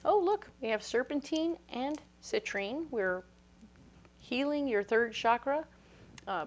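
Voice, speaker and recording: A woman giving a casual, playful tarot reading, chatty and full of quick asides. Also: mid-range voice, lo-fi sound. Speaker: tarot reader.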